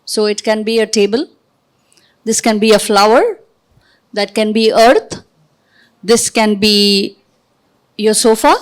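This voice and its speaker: A woman running an interactive training session for a live audience, giving directions and quizzing them with quick questions. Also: mid-range voice. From India. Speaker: workshop trainer. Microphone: podium microphone.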